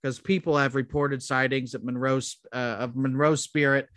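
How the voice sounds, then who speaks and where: A man hosting a casual podcast chat, relaxed and hesitant, with many fillers. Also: mid-range voice, normal speed, no room sound, clean studio sound. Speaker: podcast host.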